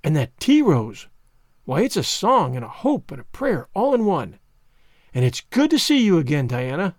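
A man's voice: a little high, dry recording, studio quality. A man voicing an eager, dramatic teenage girl student, talking earnestly and effusively. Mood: joyful. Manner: earnest, effusive, quick when excited.

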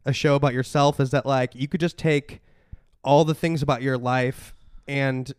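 A man co-hosting a podcast, casually pitching show ideas in a laid-back way, full of "like"s. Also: steady tone, normal speed, darkish tone, clear, resonant tone, no room sound, clean studio sound. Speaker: podcast co-host. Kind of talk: casual comedic brainstorming.

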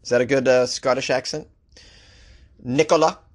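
A man's voice: medium pitch, lively intonation, normal speed. A man who hosts a comedy news podcast, reading odd stories and ranting about them with sarcastic mock outrage. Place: Los Angeles.

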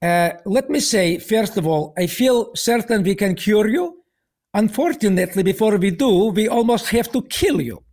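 A man imitates a grave Russian-accented doctor, pitched noticeably higher than the storyteller's own speech. His phrasing is halting and a little broken, and he delivers every word with slow, heavy seriousness. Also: expressive, darkish tone. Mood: solemn.

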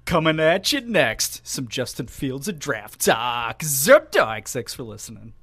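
A man's voice: medium pitch, big pitch swings, measured pace, a bit bright, slightly rough, no echo. A man co-hosting a casual sports podcast, rambling in a playful, self-mocking way. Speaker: podcast co-host.

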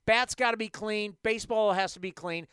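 A man hosting a sports talk show, ranting in an animated, emphatic way into a studio microphone. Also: sits high, moderate pace, clear, resonant tone, no room sound. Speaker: sports podcast host.

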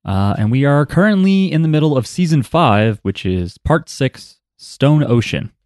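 A man's voice: medium pitch, very animated, a little slow, darkish tone, dry recording, studio quality. A man co-hosting a podcast in casual chat, joking, rambling and swearing freely. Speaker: podcast co-host.

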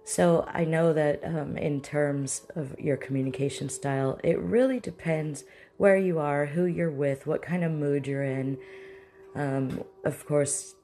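Casual instructor voice, conversational, mid-pitched, light background music. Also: unhurried, dark tone. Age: adult with children. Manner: conversational, acts out example dialogues. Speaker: mindfulness teacher. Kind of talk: casual spoken lesson.

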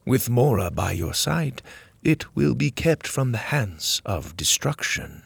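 A man voicing a solemn, wise male servant of light, speaking in a slow and grave way. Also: mid-range voice, sing-song, gravelly, slightly rough, no echo, exaggerated voice.

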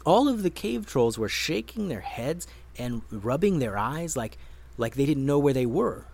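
A man narrating a children's adventure story in an expressive, animated reading voice. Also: mid-range voice, measured pace, gravelly.

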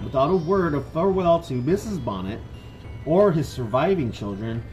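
A man co-hosting a casual podcast, reading pirate history out loud and breaking into jokes, laughter and swearing. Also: a little high, poor audio. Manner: joking, swears a lot, laughs often. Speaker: podcast co-host.

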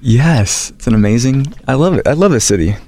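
A man's voice: medium pitch, animated, a little fast, a little mellow. A man co-hosting a podcast remotely, upbeat and breezy. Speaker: co-host. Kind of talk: casual podcast chat.

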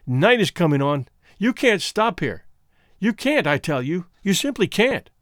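A man's voice: sits high, big pitch swings, unhurried, fairly bright tone, no room sound, clean studio sound, exaggerated voice. A man reading a story aloud, voicing a frightened, desperate young wife who pleads and protests with vehement agitation. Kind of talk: audiobook reading.

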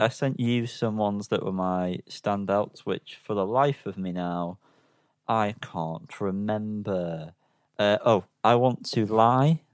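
A man's voice: lowish voice, clean tone, no echo, studio quality. A man co-hosting a casual album review chat, hesitant and self-deprecating, full of ums. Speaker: podcast co-host reviewing albums.

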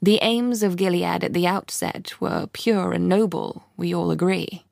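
A woman voicing a stern, commanding older woman who speaks in a measured, formal way. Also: lowish voice, gravelly, darkish tone, no room sound, clean studio sound.

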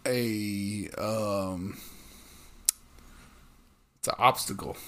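A man's voice: lowish voice, fairly even intonation, drawn-out words, pushed and bright. Profane rambling man. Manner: rambling, profane, restarts a lot. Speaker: podcast co-host. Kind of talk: casual podcast chat.

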